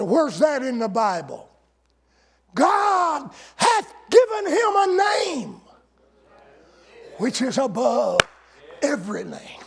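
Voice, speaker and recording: Husky high-voiced preacher, slow and drawn out, folksy sarcasm, shouts on the big points. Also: male voice. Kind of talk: sermon.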